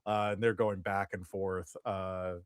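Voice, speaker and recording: A man's voice: low voice, level tone, measured pace, clean tone, no echo, clean studio sound. A man narrating a tabletop role-playing game as game master, rambling with many fillers and restarts.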